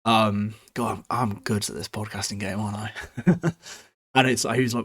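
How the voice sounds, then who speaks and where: A man's voice: on the low side, steady tone, moderate pace, a bit bright. A man casually recapping a novel chapter on his podcast, chatty and self-deprecating, swearing freely.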